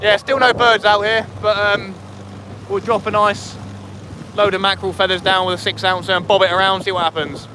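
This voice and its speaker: A young fishing vlogger chats casually with his live-stream viewers while out fishing on a small inflatable boat. His high voice is bright and forceful, with a level tone and normal speed, and the camera on the boat picks up wind and engine noise.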